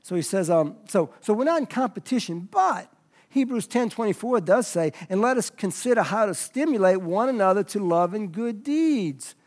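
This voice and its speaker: A man preaching a sermon as pastor, moving from soft, low asides to loud, emphatic passages. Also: expressive, normal speed.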